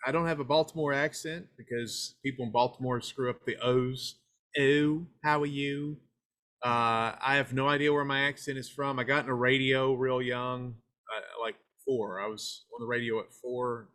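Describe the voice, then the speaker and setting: A man with an East Tennessee twang talks in a bright, forward voice, rambling through folksy stories as a guest on a casual podcast. His pitch sits in a middle range for a man. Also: steady tone, moderate pace, hardly any pauses. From United States. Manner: folksy storyteller, slips into a hyped funky DJ persona. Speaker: guest, filmmaker and pro wrestler.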